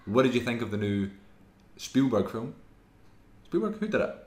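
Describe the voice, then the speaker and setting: A man's voice: medium pitch, roomy sound. A man hosting a podcast, bantering casually with his guest. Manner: quick, bantering, lively. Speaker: podcast host. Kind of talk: casual chat.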